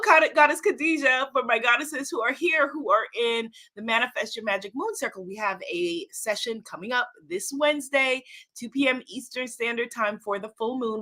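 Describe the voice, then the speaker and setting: Woman doing a live stream from home, bright high voice, greets folks by name, laughs a lot. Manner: warm exclaiming, greets viewers by name, laughs often. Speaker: host of a livestream spiritual talk. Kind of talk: casual live-stream talk greeting viewers. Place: at home in New York City.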